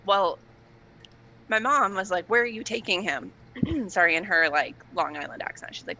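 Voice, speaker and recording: Animated young woman telling stories. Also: fairly low pitch, normal speed, slight background noise, poor audio. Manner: animated storyteller, laughs often, acts out quotes. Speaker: guest. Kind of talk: casual chat.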